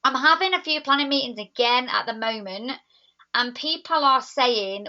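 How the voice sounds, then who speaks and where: A woman's voice: high voice, expressive, normal speed, pushed and bright. A young woman leading a sales team, chatting enthusiastically on a live video while reading viewer comments. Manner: chatty, enthusiastic, laughs easily. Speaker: network marketing team leader. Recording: dull lo-fi sound.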